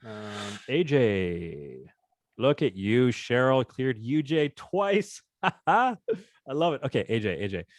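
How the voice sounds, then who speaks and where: A man's voice: mid-range voice, sing-song, slow, no room sound, clean studio sound. A man hosting a live trading session, talking through charts in a chatty, upbeat way and joking with the group. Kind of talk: casual live trading demonstration.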